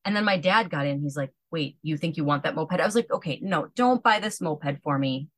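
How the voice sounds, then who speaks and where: Woman, thirties, low voice, dry close sound; a chatty storyteller who acts out every quote. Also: fairly quick, no room sound. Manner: animated, acts out quotes, many "like" fillers. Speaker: podcast guest. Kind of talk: casual storytelling chat.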